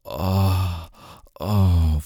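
Deep gravelly man, hushed intimate role-play. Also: fairly even intonation, very slow, dry recording, studio quality. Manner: murmured, often whispered, with frequent moans and groans. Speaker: audio role-play performer.

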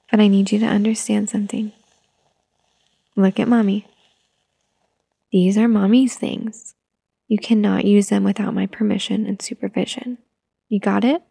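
A woman playing a gentle, patient young mother who softly coaxes her toddler, in a whispered role-play. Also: medium pitch, creaky, slightly rough, no room sound. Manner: soft, coaxing, motherly.

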